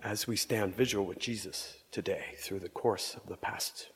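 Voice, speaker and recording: A man preaching a meditative reflection at a vigil, speaking in a measured, contemplative way and sometimes dropping to a whisper. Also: lowish voice, steady tone, husky, long reverb tail. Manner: measured, contemplative, drops to whispers for inner thoughts. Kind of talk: slow meditative sermon.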